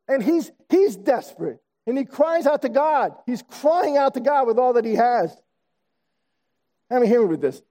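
A man in his sixties preaches with a high voice and a mellow, dark tone. He tells stories in an animated way and comes back to key phrases again and again. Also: normal speed. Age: 60s. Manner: storytelling, animated, repeats phrases for emphasis. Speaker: pastor. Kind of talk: sermon.

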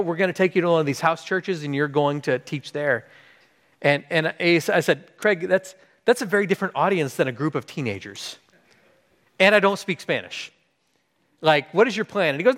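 Man, pastor, sermon storytelling, acts out dialogue, fairly high voice, reverberant hall. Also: a little fast. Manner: animated, acts out quoted dialogue.

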